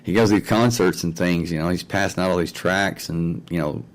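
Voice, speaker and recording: Speaking a little fast in a low voice, a man hosts his own online talk show from a home mic-and-mixer setup. He rambles through a casual story, saying "I said" and "he says" again and again, and the audio quality is poor.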